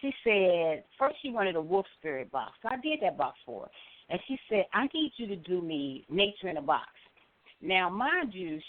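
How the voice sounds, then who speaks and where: A middle-aged woman calling in to a show, telling a story with lively acted-out quotes. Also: on the low side. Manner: animated storyteller, acts out quoted voices. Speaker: caller. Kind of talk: call-in storytelling. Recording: phone line.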